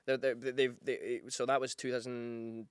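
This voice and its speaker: A man chatting as a podcast guest, an energetic, rambling storyteller who swears freely and acts out other people's lines. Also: medium pitch, normal speed, smooth, no room sound, studio quality. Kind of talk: casual chat.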